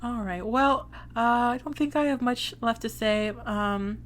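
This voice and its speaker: A woman's voice: fairly high pitch, a little slow, slight background noise. A woman from Arizona co-hosting a casual movie podcast, chatting in a rambling way with lots of fillers. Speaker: podcast co-host. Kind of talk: casual chat.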